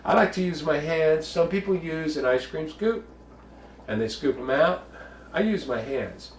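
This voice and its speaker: A man's voice: fairly high pitch, lively intonation, measured pace, reverberant, distant mic, background noise. A man from the Bronx, hosting a casual home cooking show, chatty and jokey with bawdy asides. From the Bronx, New York.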